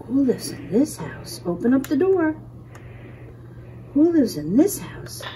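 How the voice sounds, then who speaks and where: A woman's voice: sits high, sing-song, takes it slowly, noisy background. A woman narrating toy play for toddlers in a sing-song voice, with exaggerated gasps and lots of repetition. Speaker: children's toy play presenter. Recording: music playing under the voice.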